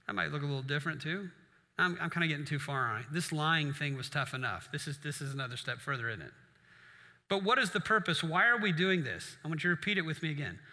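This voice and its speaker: A man's voice: a little high, fast talker, pushed and bright, long reverb tail. A male pastor preaching a sermon in a conversational way, with asides to the congregation.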